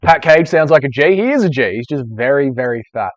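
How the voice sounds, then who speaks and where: A man's voice: mid-range voice, expressive, fairly quick. A young man hosting a casual live-stream Q&A, chatty and rambling, swearing freely. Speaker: streamer host.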